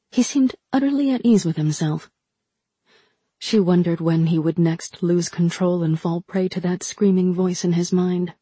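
A woman narrating a novel in a steady, measured reading. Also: fairly low pitch, husky, no room sound. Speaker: audiobook narrator. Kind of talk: scripted narration.

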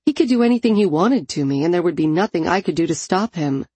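A woman narrating a first-person audiobook in an intimate, low-key delivery. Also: lively intonation, fast talker, warm tone, husky, no room sound.

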